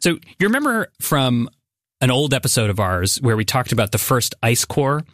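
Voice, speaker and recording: A podcast host, male and medium-pitched, narrates a scripted story mixed with banter at a normal pace. His fairly bright voice is very animated, curious and chatty, full of frequent fillers, and the studio-quality audio has no room sound.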